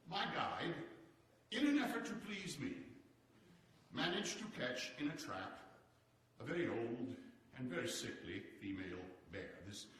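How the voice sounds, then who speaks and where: A man playing a hearty, boastful statesman from the turn of the century, telling stories to a seated audience in a theatrical, animated way with chuckles. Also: on the high side. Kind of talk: live historical character monologue. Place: large hall with a seated audience. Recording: echoey hall, distant mic.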